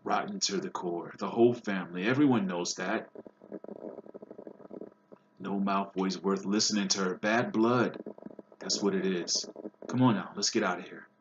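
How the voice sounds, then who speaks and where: A man reading aloud and voicing a huge, gruff groundskeeper who speaks bluntly. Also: sits low, normal speed, pauses often, highs cut off, noisy background, close to an everyday voice.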